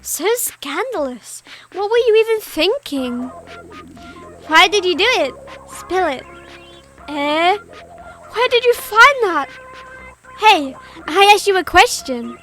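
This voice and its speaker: A gleefully cruel girl host of a game show, mocking and coldly sweet, as a woman reads her lines aloud. Her voice sits very high and sing-song, teasing her victim. Faint game music plays underneath. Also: very animated, takes it slowly, pauses often, a bit bright, exaggerated voice. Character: cheerful sadistic girl hosting a show. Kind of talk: reading game dialogue aloud.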